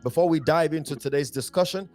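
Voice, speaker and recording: A man's voice: a little high, fast talker, a little mellow, faint music behind. Upbeat man hosting a podcast. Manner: upbeat, laughs often, reads scripture aloud. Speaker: podcast host. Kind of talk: casual podcast chat.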